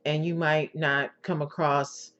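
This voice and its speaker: A woman giving an instructional talk as an intimacy coach, in a sultry, drawn-out manner, often checking in with "okay?" and using endearments. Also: deep voice, flat delivery, a bit bright. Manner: endearments to the listener. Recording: dull lo-fi recording with faint music.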